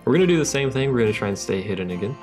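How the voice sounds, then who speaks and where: A man's voice: mid-range voice, animated, very fast, darkish tone, faint music behind. A man giving casual, wry commentary on his gameplay and reading the game's text aloud. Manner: wry, reads game text aloud between remarks. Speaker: let's play host.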